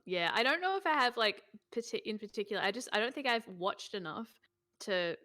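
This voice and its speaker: Giggly woman with a bright voice. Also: medium pitch, sing-song, brisk. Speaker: stream co-host. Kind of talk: casual chat on a video call.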